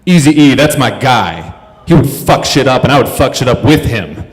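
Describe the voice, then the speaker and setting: A man voicing a brash, crude middle-aged moviegoer who is yelling at the screen during a film. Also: mid-range voice, big pitch swings, normal speed, roomy sound, long reverb tail, pitched above the performer's own voice, close to an everyday voice. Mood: rowdy.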